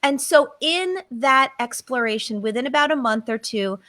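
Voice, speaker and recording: A woman's voice: sits high, moderate pace, bright, forceful tone, no echo. A middle-aged woman, a psychotherapist, telling her own story emphatically on a podcast and acting out her inner voices. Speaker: psychotherapist guest.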